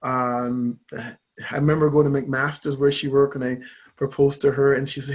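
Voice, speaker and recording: A middle-aged man from Jamaica, a guest telling his personal story in an interview, earnest and halting, with many fillers. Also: mid-range voice, level tone. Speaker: guest, youth charity founder.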